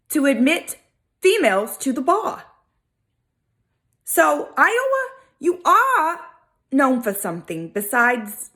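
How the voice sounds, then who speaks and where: A woman with a Southern US accent hosting a video, telling a history story in a casual, animated, sassy way. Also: high voice. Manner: animated, chatty, sassy asides. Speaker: video host.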